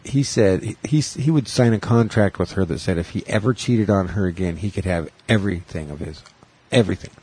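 A man's voice: low voice, brisk, darkish tone, husky. A man who does stand-up comedy, chatting crudely and jokily as a podcast host. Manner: crude, joking, profane. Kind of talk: casual chat.

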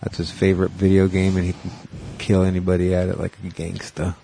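A man's voice: low-pitched, completely flat delivery, a little fast, creaky, mellow, slight background noise. A man chatting casually, sharing offhand trivia and jokes with a friend. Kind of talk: casual chat.

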